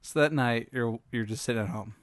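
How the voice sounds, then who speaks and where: A man's voice: medium pitch, no room sound. A man host improvises a hypothetical story with a playful, teasing manner. His voice sits mid-range. The recording is dry and close. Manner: playful, laughing, drawn-out.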